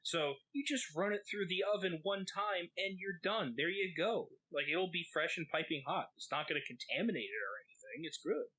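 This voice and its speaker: A man's voice: high-pitched, lively intonation, moderate pace, hardly any pauses, pushed and bright, slightly rough, low-quality recording. A man co-hosting a podcast, telling a rambling, profane story full of fillers. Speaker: podcast co-host. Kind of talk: casual storytelling.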